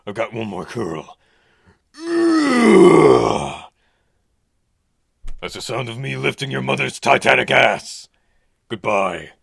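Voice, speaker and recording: A man's voice: medium pitch, moderate pace, creaky, pushed and bright, slightly rough, no echo, clean studio sound, exaggerated voice. A man voicing a crude weightlifter who grunts with strain between taunts.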